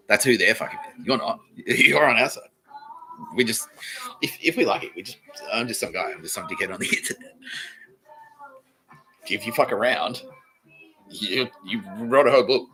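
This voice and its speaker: A middle-aged man rambles through a comic podcast monologue with a bright, forceful edge to his voice. He swears freely and breaks into laughter often, all at a middling pitch. Faint music plays behind him. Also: normal speed, pauses often, poor audio. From Australia. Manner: profane, laughing often, animated. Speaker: podcast host.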